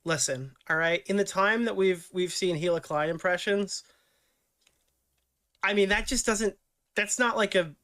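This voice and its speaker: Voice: mid-range voice, a little slow, long pauses, a bit bright. A commentator reacting casually, scoffing and swearing as they ramble.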